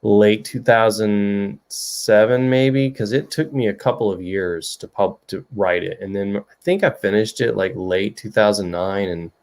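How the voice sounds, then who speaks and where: A middle-aged man with a fairly low, slightly mellow voice hosts a livestream as an author. He chats casually and jokingly with viewers, reading their comments aloud as he goes.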